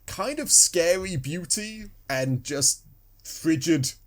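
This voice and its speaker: A man's voice: fairly high pitch, animated, takes it slowly. A man co-hosting a video game podcast, chatting casually and often restarting his sentences. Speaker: podcast co-host. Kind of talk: casual chat.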